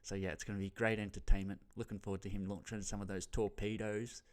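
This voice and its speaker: A young adult man with an Australian accent talks footy in a loose solo vlog. His voice sits a little low. He rambles, swears a lot and trails off when he loses his thread. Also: flat delivery, fast talker, smooth. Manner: rambling and heavily profane, loses his train of thought. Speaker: footy tipping vlogger. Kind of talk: casual solo commentary.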